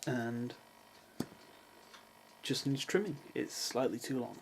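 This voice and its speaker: A man's voice: medium pitch, takes it slowly, a little hiss or hum, rough recording. A young man chatting casually into his camera at his parents' country house, making dry, self-mocking asides. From England. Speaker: vlogger. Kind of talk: casual vlog chat.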